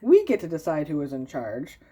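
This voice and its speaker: A woman voicing a friendly, smart dog in a storybook, with a bright, emphatic voice. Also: low-pitched, wildly swooping pitch, a little fast, husky, full character voice. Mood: firm.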